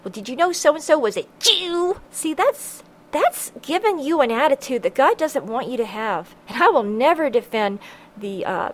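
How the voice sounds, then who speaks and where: A woman delivers an earnest, preachy podcast monologue, stopping often to quote scripture in old-fashioned wording. Her voice sits a little higher than most women's. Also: low-quality recording. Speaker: podcast host.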